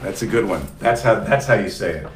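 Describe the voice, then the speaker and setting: A man with a lowish voice tells stories to his viewers in a loose, jokey way, breaking off and restarting his sentences. He sits a bit back from the mic in a roomy space with some echo. A faint hum of ambient noise runs behind him. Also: animated, brisk. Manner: rambling, jokey, self-interrupting. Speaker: comedian doing a daily live stream. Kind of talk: casual rambling chat to viewers. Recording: roomy sound, mic at a distance.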